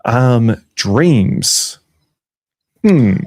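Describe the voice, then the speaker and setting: A man's voice: medium pitch, expressive, very slow, darkish tone. A man co-hosting a casual podcast, explaining his views frankly and often saying "like".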